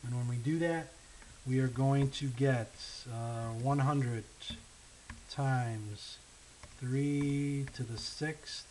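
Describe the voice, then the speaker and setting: A man teaching a math lesson, walking through word problems step by step, often checking in with "okay?" and slowing down on the key numbers. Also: mid-range voice, steady tone, darkish tone, low-quality recording. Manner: patient, checks in with frequent "okay?" and "right?"; thinks aloud while writing, slows down on key numbers. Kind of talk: recorded lesson walkthrough. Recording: faint hiss.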